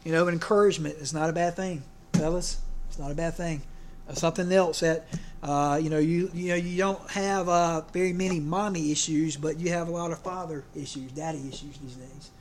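A man's voice: a little high, fairly even intonation, fairly quick, slight background noise. A man preaching a folksy sermon, joking and often restarting his sentences. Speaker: pastor.

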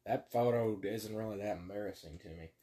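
A man's voice: lowish voice, fairly quick, dark tone. A young man co-hosting a podcast, casual banter full of crude teasing and swearing. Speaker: podcast co-host.

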